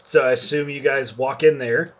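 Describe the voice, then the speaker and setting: A man's voice: mid-range voice, fairly even intonation, normal speed, lo-fi sound. A man narrating as game master in a tabletop game, loose and hesitant with fillers.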